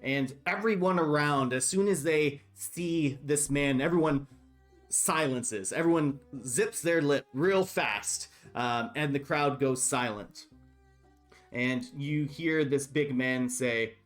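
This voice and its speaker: A man's voice: mid-range voice, fairly even intonation, unhurried, soft background music. A man running a tabletop game as game master, describing scenes with many fillers. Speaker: dungeon master.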